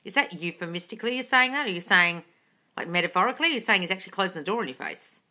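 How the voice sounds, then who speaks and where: A woman's voice: lowish voice, lively intonation, very fast, pushed and bright. A woman manifesting coach on a casual live stream, reading chat questions aloud and answering bluntly with a lot of swearing, with a slight British intonation.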